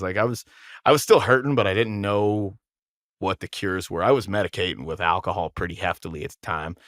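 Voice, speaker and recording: A man with a low voice tells a winding story in a casual podcast chat. He restarts his sentences often and slips into the voices of people he quotes. The sound is dry and close. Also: no room sound. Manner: rambling, animated storyteller acting out quotes, frequent restarts. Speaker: podcast guest, musician.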